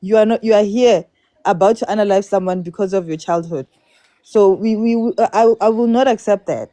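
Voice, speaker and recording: A woman's voice: mid-range voice, normal speed, mellow, dry recording. A woman in a live-stream debate, firm and insistent, repeating herself to press her point.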